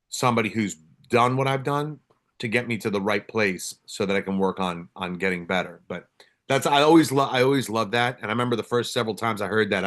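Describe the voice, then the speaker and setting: A police officer who hosts a podcast speaks in a lowish, slightly bright voice. He tells stories candidly in casual conversation, swearing now and then.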